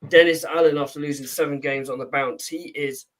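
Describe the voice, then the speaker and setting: A man's voice: a little high, fairly even intonation, fairly quick, recorded from a distance, low-quality recording. A man from the UK co-hosting a podcast, reading out the week's news in a chatty way with many ums. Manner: chatty, with frequent ums and uhs while reading. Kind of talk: casual chat.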